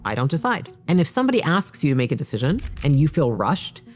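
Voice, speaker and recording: Low-voiced woman giving blunt advice. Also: big pitch swings, quick pace, a little hiss or hum. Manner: direct, emphatic, coaching tone. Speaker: business founder giving advice. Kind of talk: direct-to-camera advice talk. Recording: faint background music.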